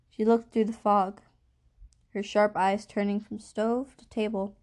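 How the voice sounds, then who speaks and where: A woman reads a first-person novel aloud as an audiobook. Her delivery is even and measured. Her voice sits in a middling range for a woman. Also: mid-range voice. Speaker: audiobook narrator.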